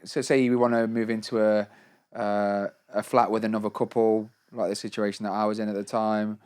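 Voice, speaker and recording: A young man, co-hosting a podcast, chatting in a relaxed way and acting out his own quotes with a laugh. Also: lowish voice, a little fast, clear, resonant tone. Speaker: podcast co-host. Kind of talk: casual chat.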